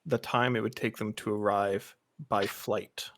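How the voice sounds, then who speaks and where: A man playing a tabletop game, talking things through in a deliberate, thoughtful way. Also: on the low side, fairly even intonation, fairly bright tone. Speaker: player.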